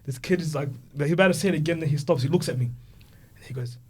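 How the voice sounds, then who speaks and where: A man's voice: a little high, fast, breathy edge. A man in his twenties, a podcast co-host, telling stories in casual chat and acting out the voices of the people in them. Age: 20s. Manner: animated storyteller, acts out voices of kids.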